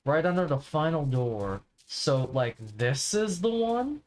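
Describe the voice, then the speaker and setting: A woman's voice: low-pitched, big pitch swings, slow pace, a little mellow. A woman giving casual gameplay commentary as a streamer, swearing and making sarcastic asides between frustrated outbursts. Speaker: gaming streamer.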